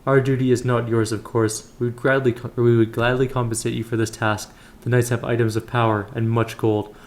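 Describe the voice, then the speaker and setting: A man's voice: medium pitch, little pitch movement, a little fast, close to an everyday voice. A man voicing a solemn middle-aged holy knight, reading formal, old-fashioned lines aloud in his everyday voice. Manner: formal, archaic phrasing read aloud.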